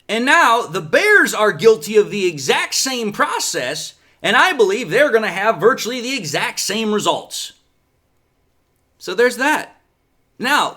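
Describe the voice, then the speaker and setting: A man hosting a sports commentary show, talking in a sarcastic, animated way with lots of rhetorical questions. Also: high voice. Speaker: sports podcast host.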